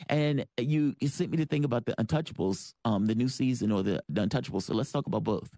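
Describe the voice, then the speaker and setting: A man's voice: mid-range voice, fast, mellow, dry recording. A man hosting a radio interview show, chatting casually and rambling a little with fillers.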